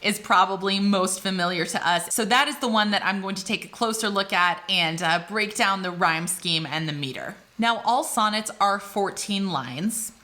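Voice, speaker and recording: A woman's voice: medium pitch, moderate pace, few pauses, bright, forceful tone. An American woman explaining poetry in a casual video lesson, chatty and full of asides. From United States. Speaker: literature teacher.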